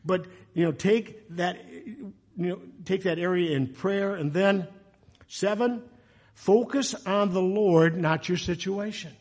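A man preaching a sermon in a chatty, animated way, breaking into loud, emotional passages. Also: high voice, slow. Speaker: pastor.

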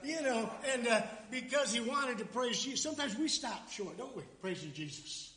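A middle-aged male pastor preaches in a high, light voice. He talks in an animated, conversational way, full of asides. His sermon moves between explaining a passage and chatting with the congregation. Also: normal speed.

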